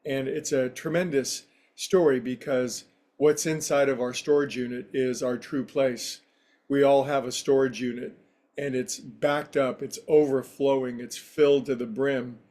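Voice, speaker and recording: A man's voice: mid-range voice, fairly even intonation, measured pace, darkish tone. A man who teaches yoga and meditation, giving a casual spiritual talk in a rambling, anecdotal, conversational way.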